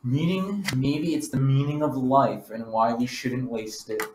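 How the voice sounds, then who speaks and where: A man co-hosts a casual podcast, tossing out ideas in a loose, rambling way with many fillers. His voice sits at a middle pitch. The recording sounds roomy and carries a faint background hiss. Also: steady tone, a little slow, a little mellow. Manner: rambling, laid-back, with lots of fillers. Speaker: podcast co-host. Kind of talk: casual brainstorming chat. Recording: echoey room with faint noise.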